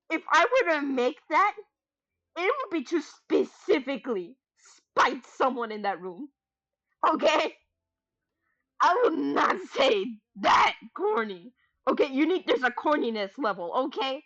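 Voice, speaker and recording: A woman's voice: high voice, sing-song, unhurried, a bit bright. A woman streamer chatting casually and rambling, giggling often and swearing freely as she jokes around. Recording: dull lo-fi stream audio.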